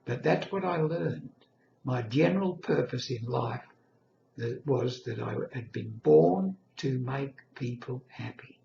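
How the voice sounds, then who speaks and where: Old man in his 80s telling a story real slow, gravelly voice, dull echoey room. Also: medium pitch, warm tone, slight background noise. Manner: slow, earnest, reflective. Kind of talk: personal reminiscence monologue.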